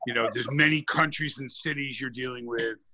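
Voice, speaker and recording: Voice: medium pitch, steady tone, moderate pace, sharp tone. A podcast co-host joking and teasing the others with sarcastic asides. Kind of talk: casual podcast banter.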